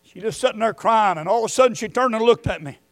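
A middle-aged man preaching a sermon, moving between quiet storytelling and shouted emphasis. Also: high-pitched, quick pace, dry recording, clean studio sound.

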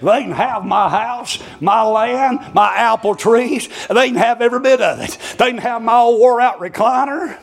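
A man preaching a sermon, shouting and chanting with folksy stories, short of breath. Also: extremely high pitch, normal speed, hardly any pauses.

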